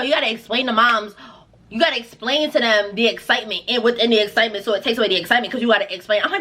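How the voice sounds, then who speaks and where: A young woman telling a casual storytime vlog, acting out her own quotes with big jumps in pitch. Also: quick pace, bright, forceful tone, slightly rough. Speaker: singer and vlogger.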